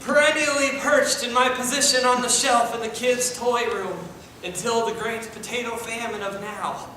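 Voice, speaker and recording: A man's voice: very high voice, fairly even intonation, normal speed, pushed and bright, a little hiss or hum. A man playing a pompous, wordy plastic potato toy in an improv comedy scene, telling his story in a formal, long-winded way. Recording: echoey room from far off, live stage.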